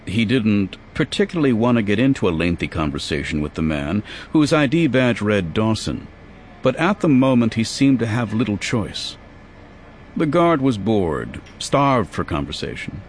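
Low-voiced male audiobook narrator. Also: very animated, moderate pace, slight background noise. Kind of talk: scripted narration.

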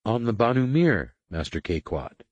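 A man's voice: fairly low pitch, very animated, a little slow, no echo, muffled recording, voice pushed up. A man doing a wary, deferential alien woman. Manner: quiet, deferential, tense.

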